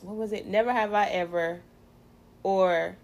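A woman's voice: mid-range voice, steady tone, measured pace, a little mellow, slight background noise. A woman hosting a casual faith chat, talking in a chatty, playful way with many fillers. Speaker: podcast host.

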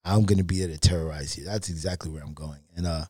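Man, podcast guest, low voice, candid and animated storytelling, dry close sound. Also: quick pace, breathy edge, no echo. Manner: candid, animated anecdotes with frequent fillers. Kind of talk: casual storytelling.

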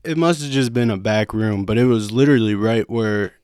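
A young man co-hosting a casual podcast, telling stories with lots of swearing and loudly acting out what people said. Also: lowish voice, a little fast, clear, resonant tone, no room sound, studio quality. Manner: animated storytelling, swearing, acts out quotes loudly. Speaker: podcast co-host. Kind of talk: casual chat.

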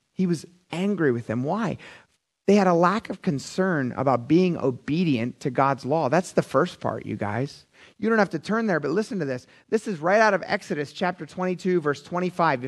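A middle-aged man preaching a conversational, animated sermon, often calling the audience "you guys". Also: high-pitched. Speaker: pastor.

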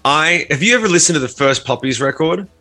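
A man's voice: on the high side, expressive, brisk, bright, forceful tone, faint music behind. An Australian man co-hosting a podcast, telling long rambling stories in a casual chat and swearing freely. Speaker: podcast co-host.

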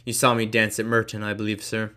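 Man doing a fawning old gentleman. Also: on the low side, fast, smooth. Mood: effusive. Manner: effusive, flattering. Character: jovial, fawning older gentleman, eager to please.

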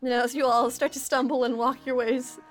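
A woman narrating as game master of a tabletop game, animated and laughing often. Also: sits high, brisk, soft background music.

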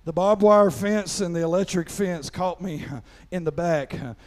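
Preaching through a folksy story from his own life, the middle-aged pastor keeps saying "amen" as his sermon rises to loud preaching. His voice is high-pitched and his pace moderate.

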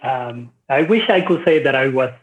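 A man in his forties from Venezuela, a podcast guest speaking slowly and hesitantly with many fillers. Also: medium pitch, expressive. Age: 40s. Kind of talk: casual interview conversation. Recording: dull lo-fi recording.

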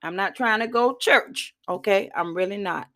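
A woman hosting a casual motivational talk in a folksy, chatty way, often clearing her throat and coughing. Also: medium pitch, normal speed, bright, forceful tone. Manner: chatty, folksy, addresses listeners as y'all. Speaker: host.

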